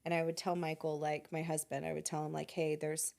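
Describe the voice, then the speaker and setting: A woman's voice: low-pitched, monotone, fast, creaky, a little mellow. A woman, a podcast guest, telling an emotional personal story in an earnest, reflective way. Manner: earnest, reflective, tells stories in detail.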